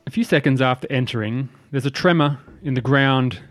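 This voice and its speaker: A man's voice: medium pitch, brisk, dry recording, faint music behind. A man running a tabletop game as game master, narrating scenes steadily and chuckling at his players.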